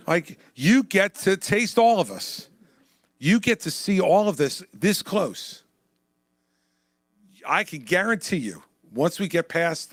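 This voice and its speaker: A man's voice: on the high side, clean studio sound. A man speaking as a presidential candidate at a town hall, in a punchy, conversational way that repeats lines for emphasis. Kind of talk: town hall stump speech and Q&A. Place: indoor town hall venue.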